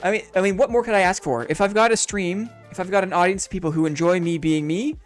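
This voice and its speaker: A man's voice: high-pitched, fast, faint music behind. A man chatting casually on a live game stream, upbeat and reflective, rambling through his thoughts in a friendly way.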